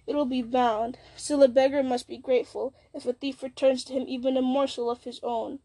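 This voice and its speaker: A woman's voice: sits high, flat delivery, normal speed, warm tone. A woman reading a sneering fallen old wizard. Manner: sneering, mocking. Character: bitter fallen old wizard, male, scornful.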